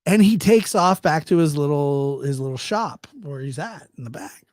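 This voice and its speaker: A man telling a casual, funny anecdote in an animated way, chuckling often and slipping into the voices of the people in it. His pitch rises and falls widely as he tells it. The sound is close and dry, with no room echo. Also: normal speed. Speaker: storyteller.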